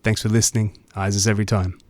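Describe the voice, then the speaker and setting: Australian man with a low, dry voice. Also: little pitch movement, quick pace, a little mellow, no echo. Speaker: radio show host. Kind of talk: scripted narration.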